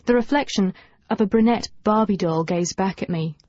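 A woman narrating a novel in the first person, with a lively and wry comic touch. Her voice sits in a middle pitch. The recording is dry and slightly dull. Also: moderate pace, no echo. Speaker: audiobook narrator.

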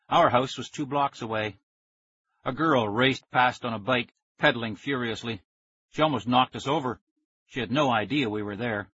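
A man narrating a children's story in the first person with steady storytelling. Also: medium pitch, breathy edge, no echo, dull audio. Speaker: audiobook narrator.

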